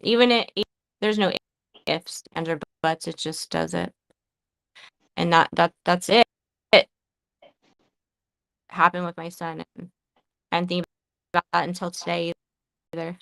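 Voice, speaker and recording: A woman's voice: fairly low pitch, steady tone, a little slow, vocal fry, pauses often, fairly bright tone, no echo, poor audio. A woman hosting a live podcast, talking in an emotional, profane way and often stopping and restarting her sentences. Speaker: podcast host.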